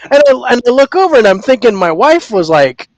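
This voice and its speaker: Animated high-voiced man telling a story. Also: a little fast, no room sound, muffled recording. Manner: animated storyteller, acts out his own reactions loudly. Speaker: podcast co-host. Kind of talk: casual paranormal podcast chat.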